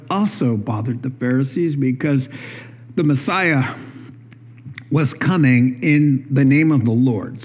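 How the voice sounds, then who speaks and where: A male pastor preaching a sermon in an animated way, with joking asides and rhetorical questions. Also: on the high side. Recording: dull lo-fi recording.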